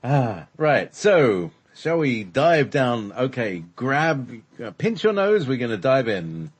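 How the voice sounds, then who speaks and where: A man's voice: mid-range voice, sing-song, takes it slowly. A man co-hosting a casual talk show, joking and chuckling through the banter. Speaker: co-host. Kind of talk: casual chat.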